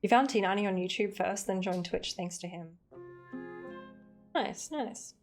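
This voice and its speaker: A woman's voice: medium pitch, moderate pace, faint music behind. A woman with an Australian accent, chatting casually on a livestream, reading chat aloud and joking playfully with light swearing.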